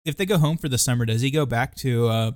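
A man's voice: mid-range voice, fast. A man from the United States chatting as a podcast co-host, easygoing and wandering, with hesitant fillers. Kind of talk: casual chat.

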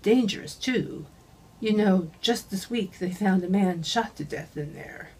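A woman voicing a breathy, drunk old man over seventy who rambles on in an audiobook reading. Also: medium pitch, expressive, measured pace, a little mellow, low-quality recording. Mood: gossipy. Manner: rambling, slurred by drink.

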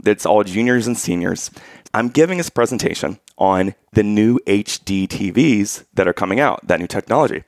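A man's voice: fairly low pitch, lively intonation, moderate pace, darkish tone, dry recording, studio quality. A man co-hosting a casual chat, telling personal stories animatedly and laughing often. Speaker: podcast co-host.

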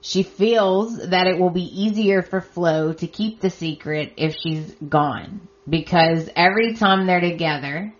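Unhurried low-voiced woman recapping. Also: muffled recording. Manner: chatty, reacts with surprise and sarcasm. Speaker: podcast host. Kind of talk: casual soap opera recap.

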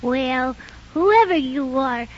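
A woman's voice: high-pitched, expressive, slow, slight background noise. A woman voicing an earnest young boy who politely scolds others, in 1930s radio drama style. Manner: scolding, earnest, bright child-like delivery. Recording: muffled old radio recording.

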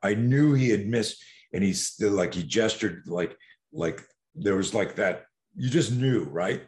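A man's voice: fairly low pitch, unhurried, a little mellow. A man from Canada, a guest who coaches people on fear, telling stories in a rambling, profane way with many restarts. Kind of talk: casual interview storytelling.

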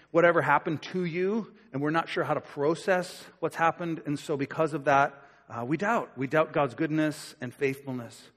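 A man preaches in a loose, conversational way, slipping into little acted-out voices as he tells the story. His voice sits a touch high for a man. The sound carries a long reverb, as if filling a big church hall. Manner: conversational, acts out quoted voices. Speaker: pastor. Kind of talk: sermon.

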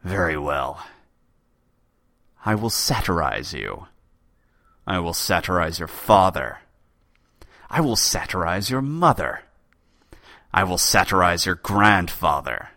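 A man voicing an aging, hot-tempered male chief poet with a thin, raspy voice, booming and imperious. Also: animated, slow pace, sharp tone, dry recording, studio quality, heavily acted. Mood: furious.

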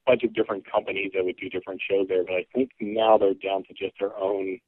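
A man's voice: deep voice, flat delivery, quick pace, no room sound. A man from Alaska, a guest on a podcast, chatting in an easygoing, hesitant way with many ums. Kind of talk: casual conversation. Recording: phone-line call audio.

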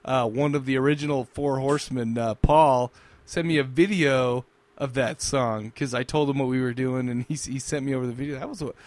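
A man's voice: medium pitch, steady tone, fairly quick, hardly any pauses. A man hosting a podcast, chatting casually and teasing his co-host with jokes. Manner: joking, teasing, laughs easily. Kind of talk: casual chat.

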